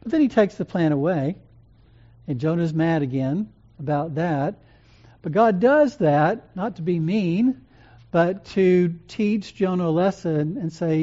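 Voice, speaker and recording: A preacher giving a sermon in an earnest, gentle and measured way, pausing and restarting phrases. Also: mid-range voice. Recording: dull lo-fi recording.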